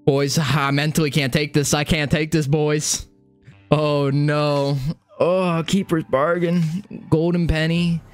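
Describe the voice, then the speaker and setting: A young man streaming a video game, swearing, repeating himself and swinging from high yelps to low mutters. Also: little pitch movement, slow, long pauses. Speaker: gaming streamer. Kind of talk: live gameplay commentary. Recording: game music behind.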